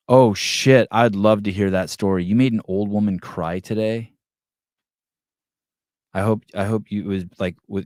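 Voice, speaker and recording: A middle-aged man hosts a casual podcast in a low, deep voice. He jokes crudely and swears freely, and he slips into voiced quotes as he tells stories. The sound is dry and close, with no room echo. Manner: profane, joking, animated storytelling with voiced quotes. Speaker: podcast host.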